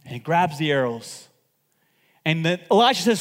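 Pastor guy preaching, high voice, goes from yelling to almost a whisper, big church echo. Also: sing-song, moderate pace. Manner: swings from shouting to hushed, acts out quotes. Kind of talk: sermon.

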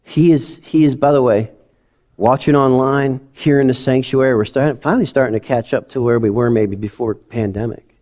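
A middle-aged male pastor giving a conversational, emotional sermon in a church sanctuary, swinging from quiet asides to loud emphasis. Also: mid-range voice, moderate pace, dull audio.

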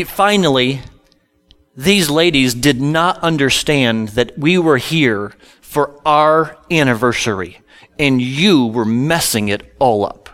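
A man's voice: mid-range voice, a bit bright. A middle-aged male pastor telling a humorous personal story in a sermon, self-deprecating and conversational.

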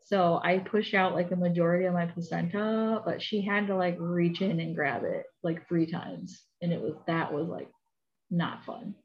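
A young adult woman telling a personal story in a casual, animated way, full of fillers like "like" and "um". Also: on the low side, normal speed. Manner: chatty, animated, many fillers. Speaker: podcast guest. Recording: dull lo-fi audio.

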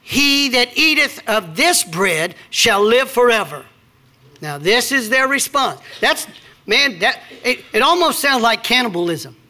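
Animated high-voiced preacher man. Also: unhurried. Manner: preaching with scripture readings and personal stories. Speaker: pastor. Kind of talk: sermon.

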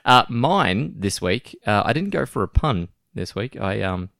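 A man's voice: lowish voice, very animated, unhurried, creaky, a bit bright, no room sound, studio quality. A man co-hosting a podcast in casual chat, laughing often and restarting his sentences. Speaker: podcast co-host.

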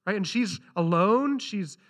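A man's voice: high voice, animated, measured pace. A man preaching a sermon who reads scripture aloud and earnestly repeats key lines for emphasis. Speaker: pastor.

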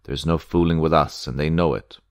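A man's voice: a bass voice, steady tone, brisk, no echo, clean studio sound. A man reading the part of a blunt, scornful revolutionary prosecutor in a spoken story. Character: commanding male revolutionary prosecutor, harsh.

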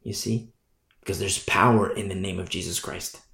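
A man's voice: sits low, steady tone, moderate pace, creaky, a bit bright. Male preacher, sermon, emphatic, repeats "you see", reverberant room. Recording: echoey room.

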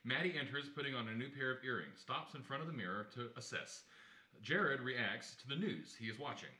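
A man with a brisk, expressive mid-range voice, pushed and bright, speaks in an echoey room. He's the organizer hosting a play reading and reading the stage directions, chatty and full of jokey asides.

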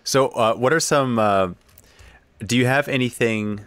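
A man hosting an interview, asking eager, halting questions full of fillers. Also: mid-range voice, a bit bright, no echo. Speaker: podcast host. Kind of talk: casual interview chat.

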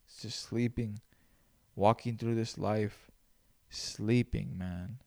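A man's voice: fairly low pitch, steady tone, takes it slowly, creaky, a little mellow. A man hosting a solo podcast, talking in a loose, rambling way full of swearing. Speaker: podcast host. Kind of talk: casual solo podcast monologue.

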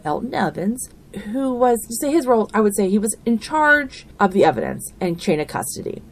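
A woman's voice: mid-range voice, darkish tone. A woman hosting a true crime podcast, walking through a trial in an earnest, opinionated, conversational way. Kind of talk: narrated podcast commentary.

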